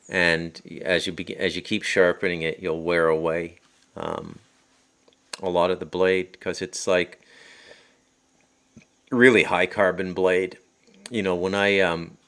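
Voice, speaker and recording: A Canadian man with an Ottawa Valley accent and a low, deep voice tells a story in a loose, rambling monologue. He wanders off on tangents and restarts his sentences often. He speaks into his phone at his home in the countryside. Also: a bit bright. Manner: rambling, digressive, frequent restarts. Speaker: podcast host and author.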